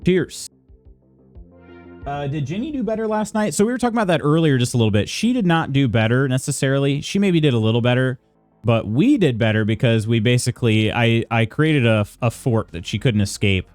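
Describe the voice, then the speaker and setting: A casual American man hosting a live stream, talking to his viewers in a loose, rambling way. His pitch leaps around with a lot of life, and faint music plays underneath. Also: expressive, a little fast, a little mellow, no echo. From United States. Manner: chatty, greets viewers by name, reads chat aloud.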